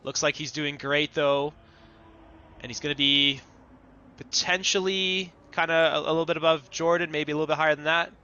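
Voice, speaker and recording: A man giving co-commentary on an online racing qualifying session, talking through lines and lap times in a steady, analytical way. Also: on the high side, normal speed, smooth, dull audio.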